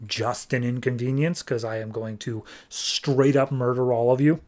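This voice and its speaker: A man voicing a cold, arrogant alien android villain who makes flat, dismissive threats. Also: mid-range voice, normal speed, close to an everyday voice. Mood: cold menace.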